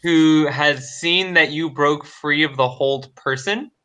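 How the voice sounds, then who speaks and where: A man running a tabletop game as game master, unhurried and laughing often. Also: fairly high pitch, pushed and bright, clean tone.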